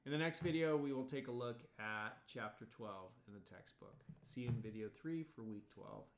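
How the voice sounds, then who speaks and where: A man's voice: mid-range voice, normal speed, gravelly, a little hiss or hum. A male college instructor giving a recorded video lecture in a loose, rambling way, full of fillers and restarts. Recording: echoey room.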